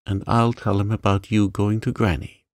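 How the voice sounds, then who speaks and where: A man voicing a spirited, quick-tempered young woman who speaks sharply and dismissively. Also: on the low side, flat delivery, dry recording, studio quality, close to an everyday voice. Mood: excited, scornful.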